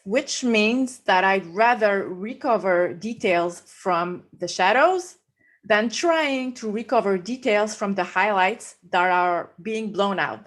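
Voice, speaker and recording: A woman with a French accent walking viewers through a photo edit step by step, laughing easily. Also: mid-range voice. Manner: slow, explanatory, laughs easily. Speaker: guest photographer. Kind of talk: live photo-editing demo.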